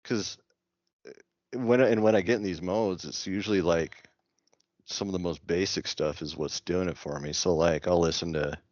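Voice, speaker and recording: A man's voice: low voice, steady tone, moderate pace, a little mellow, dry recording, lo-fi sound. A man co-hosting a podcast, talking hesitantly with lots of fillers in casual chat. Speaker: podcast co-host.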